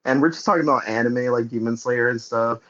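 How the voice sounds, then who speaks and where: A man's voice: medium pitch, quick pace, a crowd in the background. A young man tells a night-out story in a rambling way, restarting and filling with likes. His voice has a slightly dull, muffled sound, as if the recording lacks top end. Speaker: podcast co-host. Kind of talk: casual storytelling.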